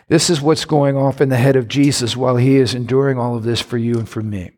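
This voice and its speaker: A man's voice: a little fast, few pauses, a little mellow. A man preaching a sermon to a congregation, with dramatic rises and drops in his delivery. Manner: dramatic, rising to high voices for quoted mockers. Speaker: pastor. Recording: reverberant hall.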